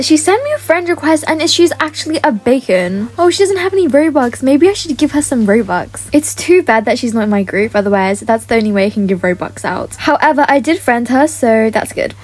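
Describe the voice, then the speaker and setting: Excitable high-voiced woman gamer. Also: brisk, hardly any pauses, faint music behind. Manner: excitable, gasping, chatty asides to viewers. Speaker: gaming YouTuber. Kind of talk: casual game commentary to viewers.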